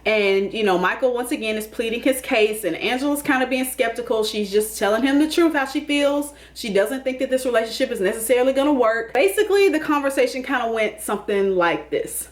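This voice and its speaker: A woman's voice: a little high, lively intonation, fairly quick, hardly any pauses. A woman hosting a casual comedic TV recap, sassy, calling people honey and baby and laughing often. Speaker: YouTube TV recap host.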